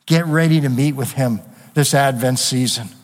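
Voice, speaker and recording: A man's voice: medium pitch, normal speed. A man preaching a sermon to his church, earnestly asking rhetorical questions and reading scripture aloud. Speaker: pastor. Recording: long hall reverb.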